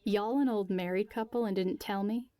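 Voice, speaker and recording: A woman's voice: mid-range voice, steady tone, normal speed, dry recording, natural voice. A woman reading a story aloud, voicing a feisty young woman who speaks sharply and with disbelief. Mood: teasing. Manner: sharp and incredulous.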